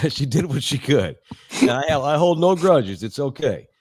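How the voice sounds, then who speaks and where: A middle-aged man from Texas tells stories on a sports podcast in a casual, profane way, laughing as he goes. His pitch swings widely as he talks. The sound is dry and close, with no room echo. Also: slow pace, breathy edge. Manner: animated, profane, laughs while telling stories. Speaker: sports radio co-host.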